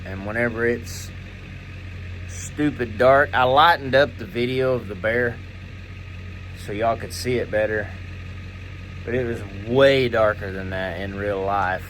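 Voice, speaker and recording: Man, slow emotional talk, outdoor woods, camera mic, faint background noise. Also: medium pitch, fairly bright tone. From Arkansas. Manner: slow, emotional, drawling and thankful. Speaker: bowhunter filming his hunt.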